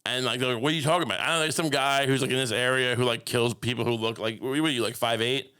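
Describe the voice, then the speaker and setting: Bright-voiced deadpan male podcast host. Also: mid-range voice, fast, clear, resonant tone. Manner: deadpan absurd rambling with frequent restarts. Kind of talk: casual comedic podcast banter.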